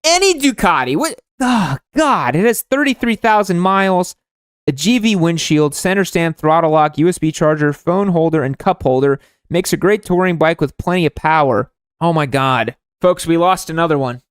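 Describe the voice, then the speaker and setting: A young man hosting a comedic livestream, roasting viewers' motorcycles in a sarcastic, mock-exasperated way, his voice jumping high when outraged. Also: moderate pace, clean tone, no room sound, clean studio sound.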